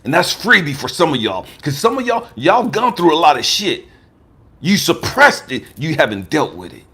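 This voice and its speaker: Husky, animated American man in his fifties. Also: normal speed. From United States. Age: 50s. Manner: emphatic and profane, swinging from raised outbursts to low murmurs. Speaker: life coach and speaker. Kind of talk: personal testimony talk.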